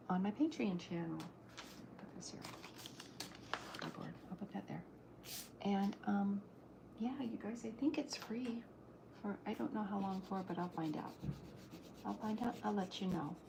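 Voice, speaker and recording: A woman streaming herself drawing comic strips, soft-spoken and musing aloud, sometimes dropping into a whisper. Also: medium pitch, gravelly. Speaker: streaming cartoonist. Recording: noisy background hiss.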